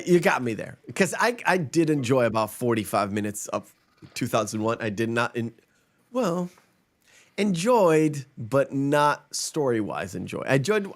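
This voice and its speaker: A man hosting a podcast in casual chat, rambling and emphatic, swearing freely. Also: mid-range voice. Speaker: podcast host.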